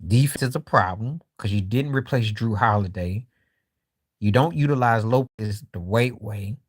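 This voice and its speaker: A man hosting a live stream from his phone, talking basketball opinions in a blunt, skeptical way, with lots of rhetorical questions and frequent throat clearing. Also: fairly low pitch, moderate pace. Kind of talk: casual basketball opinion talk. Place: walking while streaming.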